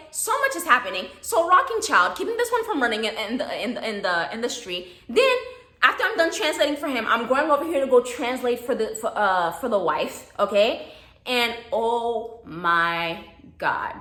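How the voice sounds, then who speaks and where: A young woman telling a storytime vlog, animated, often asking "okay?" and swearing casually. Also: a little high, reverberant.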